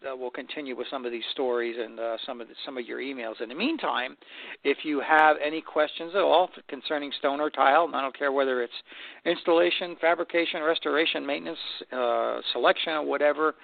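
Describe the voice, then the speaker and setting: A man with a gravelly, creaky voice hosts a trade advice show. He talks in a relaxed, folksy way and often repeats himself mid-thought. The sound is thin and tinny, like a phone line. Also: medium pitch, fast, no echo. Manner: relaxed, folksy, repeats words while thinking. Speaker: host of a stone and tile advice show. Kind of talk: casual storytelling to listeners.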